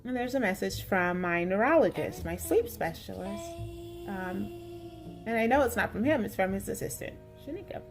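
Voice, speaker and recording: A woman in her forties telling a story in a casual vlog with emphatic, expressive delivery. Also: medium pitch, normal speed, music in the background. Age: 40s. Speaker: vlogger.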